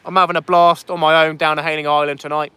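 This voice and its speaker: A man's voice: fairly high pitch, little pitch movement, fast talker, sharp tone, clear, resonant tone. A man chatting casually on a fishing livestream outdoors on a beach at night, reading out viewer comments as he goes.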